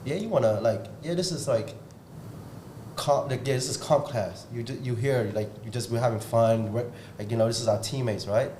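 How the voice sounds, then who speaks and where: A man's voice: normal speed, dark tone. Blunt, intense man, roomy sound. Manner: blunt, intense, repetitive pep-talk delivery. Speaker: podcast host and martial arts coach. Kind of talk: casual motivational podcast talk. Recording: roomy with faint rumble.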